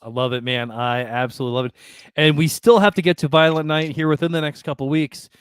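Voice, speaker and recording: Easygoing male co-host, upbeat chat, a touch higher-pitched. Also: steady tone, quick pace, clear, resonant tone, no echo, studio quality. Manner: easygoing, enthusiastic, many restarts. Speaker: podcast co-host. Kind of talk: casual chat.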